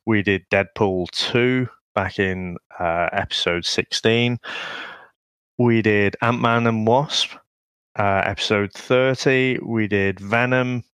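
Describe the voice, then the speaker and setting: A man's voice: lowish voice, steady tone, takes it slowly, a bit bright, clean tone, dry recording. A man from England co-hosting a comics podcast, chatting casually in a dry, teasing way. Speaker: podcast co-host. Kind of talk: casual chat.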